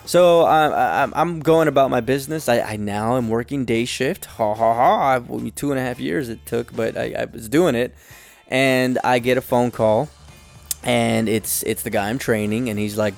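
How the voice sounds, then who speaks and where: A man's voice: medium pitch, moderate pace, creaky, darkish tone. A man telling a rambling story about his old job, jumping into quoted voices as he goes. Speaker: business owner telling work stories. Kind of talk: casual storytelling monologue. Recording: faint music underneath.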